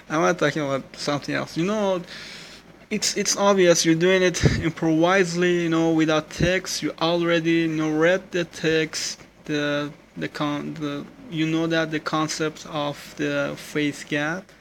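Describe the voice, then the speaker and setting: A man giving casual spoken feedback on someone's speaking skills. He talks haltingly, in non-native English phrasing, and often restarts and corrects himself with "no.". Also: a little high, level tone, slight background noise, rough recording.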